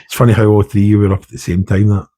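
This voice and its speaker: Brief: middle-aged Scottish army veteran, dark husky tone, rambling candid talk. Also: male voice, lowish voice, level tone, racing. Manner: rambling, with many restarts and "you know". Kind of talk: candid podcast conversation.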